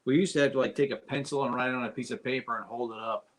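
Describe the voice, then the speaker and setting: A man's voice: mid-range voice, steady tone, fast talker. A man co-hosting a casual live stream, trading jokes and teasing banter. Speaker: co-host.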